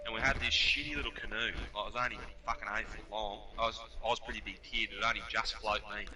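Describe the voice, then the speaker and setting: A man with an Australian accent telling hunting stories on a casual podcast, swearing freely and animated. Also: fairly low pitch, quick pace, far from the mic, background noise. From New South Wales, Australia. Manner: profane, animated, laughs while telling stories. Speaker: podcast storyteller.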